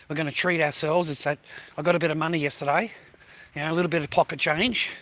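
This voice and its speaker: Walking through a neighbourhood outdoors, an Australian man vlogs in a crude, rambling way, peppering his speech with "mate" and "you know." His voice is a little high, pushed and bright.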